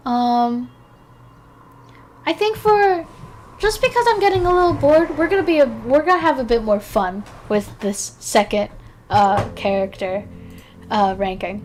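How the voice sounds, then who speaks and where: A woman's voice: fairly high pitch, slow, long pauses, a little mellow, a little hiss or hum. A tired woman streaming casually, chatting and mumbling to herself as she works, with a self-deprecating manner. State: tired, yawning. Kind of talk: casual live-stream chat.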